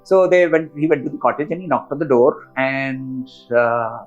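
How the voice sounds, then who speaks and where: A man leads a teaching conversation, telling stories with rising and falling emphasis. Soft music runs faintly underneath his medium-pitched voice, and his pace changes freely. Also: normal speed, lo-fi sound. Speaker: co-host, spiritual teacher.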